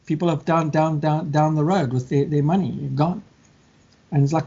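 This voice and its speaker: A man chatting casually, telling stories and acting out scammers and their victims in quick mock voices. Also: on the high side, steady tone, warm tone, slightly rough. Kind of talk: casual chat. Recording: dull lo-fi sound.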